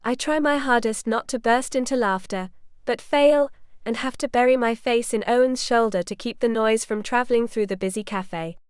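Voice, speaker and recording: A woman narrating a romance audiobook in the first person, with light, steady storytelling. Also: on the high side, normal speed, hardly any pauses, smooth, no room sound, clean studio sound.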